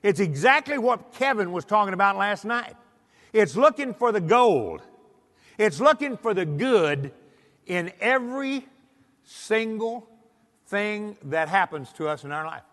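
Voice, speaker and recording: The hall's reverb surrounds a motivational speaker addressing his audience with folksy stories. His high-sitting voice is a bit bright and a little slow, with big pitch swings, and he acts out the voices of his characters.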